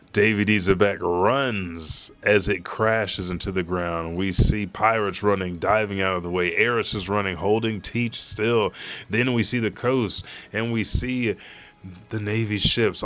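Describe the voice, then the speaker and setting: A young adult man reading a manga chapter aloud live, commenting casually with excited, profane asides. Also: on the low side.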